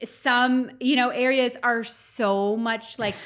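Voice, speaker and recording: A woman's voice: a little high, steady tone, slow. A woman guest on a podcast, chatting casually and agreeing often with the host. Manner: warm, agreeable, frequent affirmations. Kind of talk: casual conversation.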